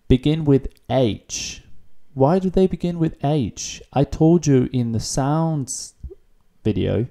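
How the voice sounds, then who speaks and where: A man's voice: mid-range voice, mellow. Patient man teaching a language lesson. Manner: explains patiently, repeats words for practice. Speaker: Italian teacher.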